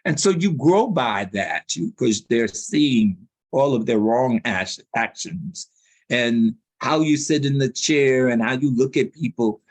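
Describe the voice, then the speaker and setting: A man's voice: medium pitch, slow pace, no room sound. Man telling stories in an interview, voice jumps all over, loose slangy talk, dry room. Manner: animated storyteller with street slang. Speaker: public relations consultant, interview guest. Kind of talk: storytelling in a sit-down interview.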